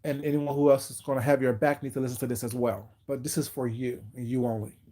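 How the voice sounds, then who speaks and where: Livestream host, male, relaxed dark tone, slow emphatic call-outs between chat shout-outs. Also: medium pitch. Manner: greets viewers by name, calls them baby.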